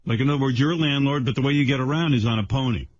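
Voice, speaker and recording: A man's voice: medium pitch, rapid-fire, no room sound. A man hosting a radio show, riffing in casual banter. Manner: animated, riffing on ideas. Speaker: radio host. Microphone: studio microphone. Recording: dull lo-fi radio broadcast.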